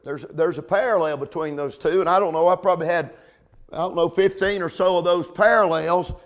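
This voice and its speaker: Male preacher, high-pitched, folksy sermon delivery with amens. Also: fairly even intonation, brisk. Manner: preaching with call-outs of amen and come on now.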